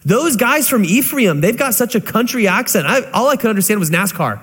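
A man's voice: high-pitched, sing-song, brisk, a bit bright, husky, long reverb tail, exaggerated voice. A man playing a bewildered male God who asks confused questions, as a joke in a sermon. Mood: puzzled. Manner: mock-bewildered, joking. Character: puzzled, clueless male God asking questions.

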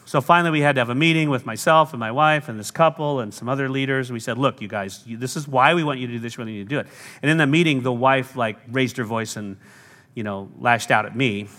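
A lead pastor preaches a sermon in a fast, sharp, medium-pitched voice, telling stories and acting out the voices of the people he quotes. He laughs now and then, and long hall reverb surrounds him.

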